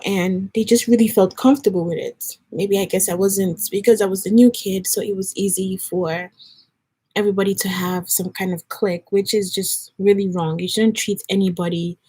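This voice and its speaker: Young woman, husky voice, earnest casual vlog chat, story-telling. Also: medium pitch, a little mellow. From Nigeria. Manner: earnest, storytelling, lots of likes and restarts. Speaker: vlogger. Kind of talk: casual chat while getting ready.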